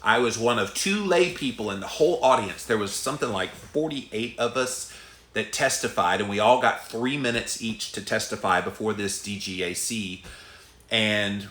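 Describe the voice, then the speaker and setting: Brief: male host, lowish forceful voice, fired-up direct-address rant, echoey room. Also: moderate pace. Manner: emphatic, conversational, addresses listeners directly. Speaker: podcast host ranting on diet. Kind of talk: impassioned solo rant. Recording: roomy echo.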